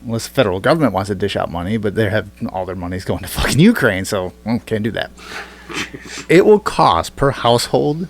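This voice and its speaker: A man hosting a casual podcast, rambling and profane, thinking through figures out loud. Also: on the low side, lively intonation, fairly quick, background noise. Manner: rambling, profane, works through numbers aloud. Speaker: podcast host.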